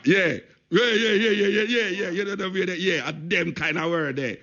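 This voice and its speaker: Pushed and bright, this Jamaican host's voice sits high and moves at a moderate pace, with slight background noise on the lo-fi radio broadcast. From the studio he speaks patois, emphatic and repeating phrases for stress.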